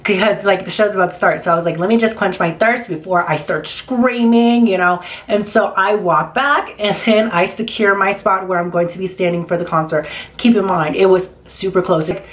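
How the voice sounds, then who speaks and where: A woman's voice: mid-range voice, normal speed. Chatty young woman telling a storytime. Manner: chatty, swears freely, acts out the dialogue she retells. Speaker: vlogger. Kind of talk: casual storytime.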